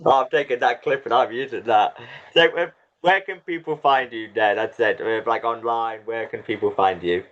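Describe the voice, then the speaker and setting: A man's voice: medium pitch, moderate pace, fairly bright tone. A man hosting a casual podcast chat, self-deprecating and laughing often. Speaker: host. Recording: dull lo-fi audio.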